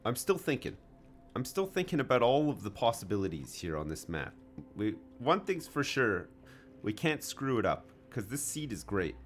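A man's voice: mid-range voice, sing-song, normal speed, soft background music. A man casually commenting while he plays a game on a live stream, joking and chatting with his viewers. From Canada.

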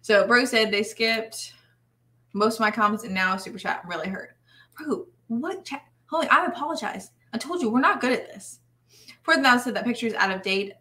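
A woman's voice: on the high side, moderate pace, bright, forceful tone. A woman co-hosting a casual live stream, reading out chat comments in an upbeat, giggly way.

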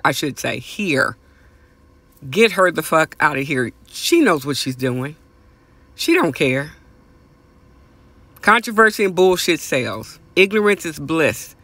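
A man hosting a podcast, delivering a passionate, profane opinion rant that repeats phrases for emphasis and swings from high exclamations to low mutters. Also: sing-song, unhurried, pushed and bright, no echo. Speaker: podcast host. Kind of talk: ranting opinion monologue.

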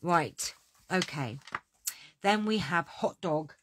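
A woman's voice: lowish voice, animated, takes it slowly, dry recording. A middle-aged woman chatting through a craft catalogue, gushing and repeating her praise. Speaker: crafting demonstrator. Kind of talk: casual product walkthrough.

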